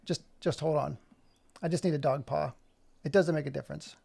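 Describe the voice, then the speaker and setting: A man's voice: a little high, steady tone, fairly quick, vocal fry, darkish tone, husky. A middle-aged man talking through an animation tutorial as he works, chatty and self-mocking, muttering to himself. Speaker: video creator. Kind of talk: screen-recorded tutorial with running commentary.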